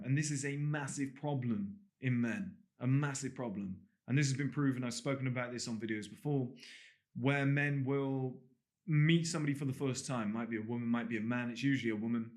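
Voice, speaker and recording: A man teaching an online course to camera in a casual, conversational way, calling his viewers guys and switching between slow, deliberate statements and quicker chat. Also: medium pitch. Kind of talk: casual spoken lesson to camera. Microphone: talking to camera.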